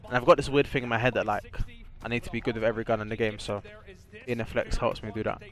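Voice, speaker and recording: A young man hosts a live stream, talking loosely and excitably to his viewers. His voice sits in an ordinary middle pitch, and he drifts into slang and cheerful boasts. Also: fast. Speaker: streamer hosting a watch party. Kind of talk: casual live-stream chat.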